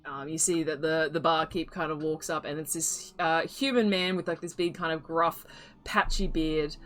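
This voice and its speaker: A woman's voice: low voice, fairly even intonation, moderate pace, a bit bright. A woman narrating as game master of a tabletop game, describing scenes loosely with many fillers and asides.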